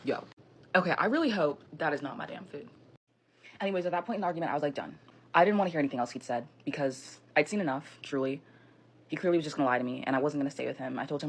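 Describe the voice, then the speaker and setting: A young woman with a low voice tells a personal story at a fast clip. She rambles, leans on filler words and swears freely, in a casual storytime manner recorded on a phone. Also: a little hiss or hum.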